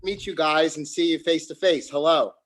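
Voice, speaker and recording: A man's voice: on the high side, fairly even intonation, moderate pace. A man from New Jersey with an American accent, a guest chatting casually on a video call, rambling and correcting himself. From New Jersey, near Philadelphia. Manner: rambling, self-correcting, chuckles. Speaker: guest, yoga teacher.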